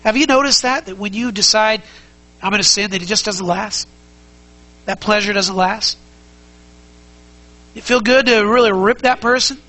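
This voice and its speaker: Sex: man. Style: sermon. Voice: high and bright. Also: normal speed, long pauses, low-quality recording. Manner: conversational, full of rhetorical questions; emphatic, repeats key phrases. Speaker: pastor.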